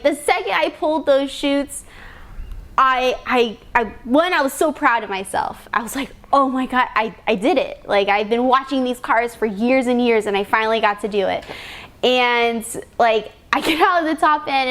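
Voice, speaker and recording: A young woman who drives in drag racing tells an excited story in an interview, her voice high-pitched. She laughs often and keeps restarting her sentences.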